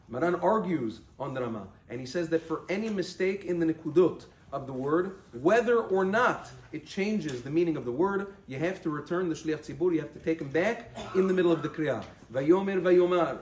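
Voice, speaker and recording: Male rabbi, fairly high voice, explanatory teaching manner, roomy echo. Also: a little hiss or hum. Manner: explanatory, stresses words slowly when quoting verses. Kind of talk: halacha lesson.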